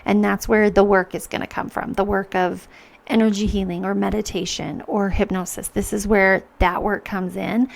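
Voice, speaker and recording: In a gravelly voice of medium pitch, the podcast host muses sincerely about personal matters, frequently breaking off and restarting to act out her thinking.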